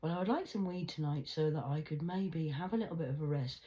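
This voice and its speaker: Woman, low voice, rambling vlog rant, swearing, rhetorical questions. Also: fast talker, warm tone. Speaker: vlogger. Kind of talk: rambling monologue to viewers.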